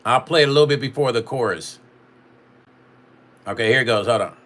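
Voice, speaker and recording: Bright-voiced man chatting on his livestream. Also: medium pitch, fairly quick. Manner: chatty, reads out viewer comments. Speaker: music producer and vlog host. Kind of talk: casual livestream chat. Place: home music studio.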